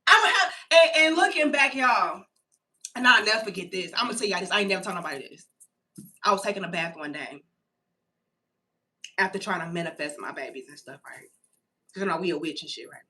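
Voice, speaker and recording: A woman's voice: lowish voice, pushed and bright, far from the mic. A woman in her thirties, chatting casually and profanely straight to her viewers while she tells a personal story. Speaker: vlogger.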